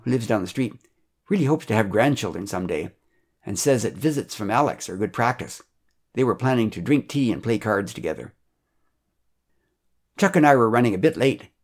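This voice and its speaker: A man narrating a first-person story from a script in a steady, measured, plainly spoken way. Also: on the low side, husky.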